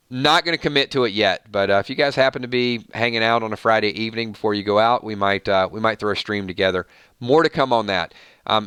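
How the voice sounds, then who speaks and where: Bright, crisp-voiced man hosting a livestream. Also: fairly low pitch, dry recording, studio quality. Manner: loose and chatty, rattling off names with quick thank-yous. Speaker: livestream host. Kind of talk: casual livestream chat, reading out supporters' names.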